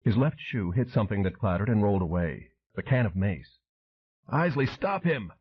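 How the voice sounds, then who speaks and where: A man's voice: fairly low pitch, brisk, husky. A man narrating an audiobook thriller with dramatic storytelling. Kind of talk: scripted narration. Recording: tinny phone-like audio.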